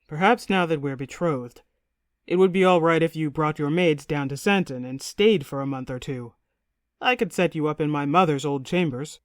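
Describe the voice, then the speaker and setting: A woman reads a nervous young prince in a storybook, earnest and measured, his voice a touch lowered. The sound is dry and close. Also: no room sound, natural voice. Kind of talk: audiobook character reading.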